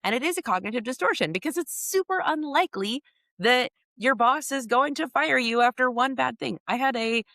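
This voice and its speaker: A woman co-hosting a podcast, chatting casually and telling animated stories with frequent laughter. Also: sits high, brisk, no room sound, studio quality. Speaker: podcast co-host and coach. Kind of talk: casual conversational storytelling.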